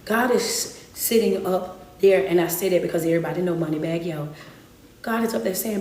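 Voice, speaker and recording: A woman giving a motivational sermon, emphatic and repetitive, now and then rising to shouts. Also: on the low side, normal speed, a little hiss or hum. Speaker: motivational speaker. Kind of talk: motivational preaching. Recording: roomy, distant mic, faint ambience.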